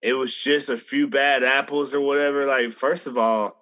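A man in a casual chat over a video call, talking in a measured, reflective way with many fillers. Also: mid-range voice, steady tone, pushed and bright, highs cut off.

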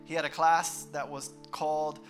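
A male pastor preaching a sermon in an emphatic way, with sudden swells in loudness. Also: fairly high pitch, level tone, moderate pace, faint music behind.

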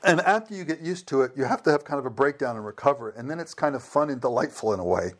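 Animated middle-aged man storytelling. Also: mid-range voice, fast. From United States. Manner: animated, acts out quoted voices. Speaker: guest, former missionary. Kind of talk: conversational interview storytelling.

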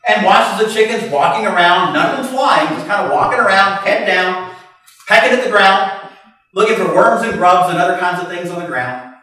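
A male pastor telling a folksy parable in a sermon, lively and conversational with frequent restarts. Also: high voice, moderate pace. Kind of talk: sermon storytelling. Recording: echoey hall from far off, faint music.

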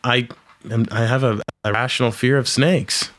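A man's voice: medium pitch, steady tone, moderate pace, a bit bright. A man hosting a casual chat, telling rambling stories and swearing freely.

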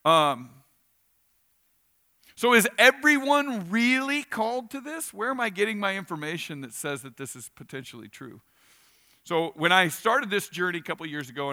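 A man preaching a weekend sermon in a casual, animated way, acting out little asides. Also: high-pitched, moderate pace. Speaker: pastor.

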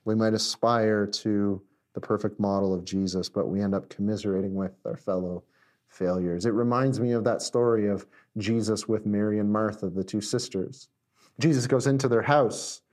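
A man preaching a sermon, animated, shifting between emphatic lines and hushed ones. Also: fairly low pitch, normal speed. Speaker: pastor. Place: recorded for viewers at home.

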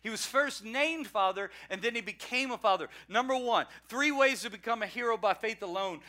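A man preaching a sermon, energetic and joking, repeating key lines for emphasis. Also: high-pitched, brisk, hardly any pauses. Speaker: pastor.

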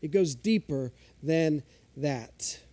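A male pastor with a fairly high, mellow voice delivers a sermon in a relaxed, chatty way. He pokes fun at himself and gets eager when he explains the Greek words behind a verse. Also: slow. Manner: conversational, self-deprecating, explains Greek words with excitement.

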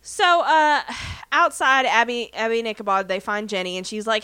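A woman co-hosts a podcast in relaxed chat and retells a TV episode beat by beat, slipping into playful voices for the characters. Her voice sits a little high and sounds smooth and clean. The sound is dry and close. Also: normal speed, few pauses, dry recording. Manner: chatty storyteller, quotes characters in playful voices, laughs often. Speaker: podcast co-host. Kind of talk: casual chat recapping a TV episode.

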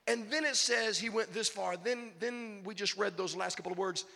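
Emphatic high-voiced male pastor preaching. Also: moderate pace, vocal fry, hardly any pauses, in a large hall, a little hiss or hum. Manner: emphatic, swings from shouting to hushed intensity. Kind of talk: sermon.

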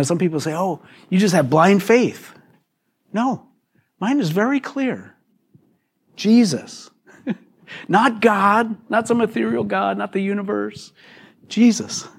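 A man's voice: high-pitched, husky. A man, a pastor, preaching a conversational sermon to his congregation, asking questions and laughing often. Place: church hall.

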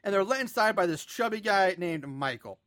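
A mid-pitched, animated voice that walks through a film's plot step by step, poking fun at its holes along the way. Laughter keeps breaking into the retelling. It is recorded close and dry. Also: moderate pace, dry recording. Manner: storytelling, sarcastic, laughs often. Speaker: podcast host. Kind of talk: casual movie recap narration.

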